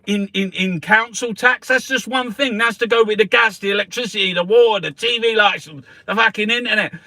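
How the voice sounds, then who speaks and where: A man's voice: high-pitched, brisk, sharp tone, no echo. A middle-aged man, ranting in angry, heavily sworn commentary as he reviews the newspapers. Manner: angry, sweary, heated rant.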